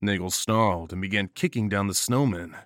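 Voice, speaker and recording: Low-voiced man narrating a gritty horror story. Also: a bit bright, dry recording, studio quality. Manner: measured, gritty, profane.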